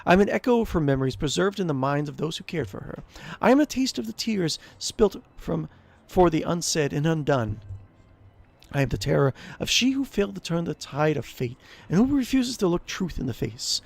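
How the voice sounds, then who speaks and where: A man's voice: on the high side, sing-song, brisk, vocal fry, full character voice. A man voicing a mocking ghostly aunt. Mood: ominous. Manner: mocking, scornful, cold. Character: vengeful ghostly aunt, a cruel noblewoman. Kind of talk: reading game dialogue aloud.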